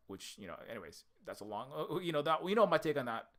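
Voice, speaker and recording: A man's voice: fairly high pitch, sing-song, fast, few pauses, a bit bright. A man from the United States giving a casual, rambling commentary on an old film, often stopping to correct himself and restart his sentences. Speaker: indie game developer and channel host.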